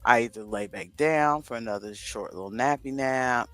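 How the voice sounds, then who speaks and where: At normal speed, a medium-pitched, slightly bright male voice rambles and talks to himself over a crossword while co-hosting a casual livestream. The recording is dry, with faint music behind.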